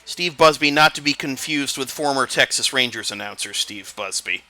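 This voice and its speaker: A man calling a baseball game play-by-play, building to excited calls on big plays. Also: mid-range voice, normal speed. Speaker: play-by-play announcer. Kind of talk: live baseball commentary.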